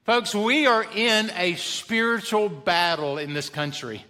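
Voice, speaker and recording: A man's voice: high voice, measured pace, bright, forceful tone. A man preaching a sermon as pastor, emphatic, rising on questions and quoted cries.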